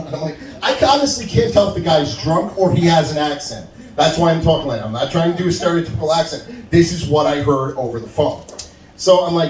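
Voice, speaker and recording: A man in his forties doing a stand-up set at an open mic, animated as he tells stories and acts out phone calls. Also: fairly high pitch, quick pace. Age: 40s. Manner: animated storytelling, acts out phone calls, laughs at own jokes. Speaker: stand-up comedian. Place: stage at a live open mic. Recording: roomy venue sound from a distance.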